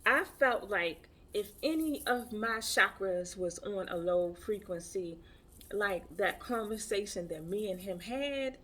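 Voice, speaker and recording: A woman's voice: mid-range voice, expressive, a little slow, fairly bright tone. A woman who practices tantra, telling a personal story in a chatty, emphatic way and repeating her phrases. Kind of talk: casual storytelling.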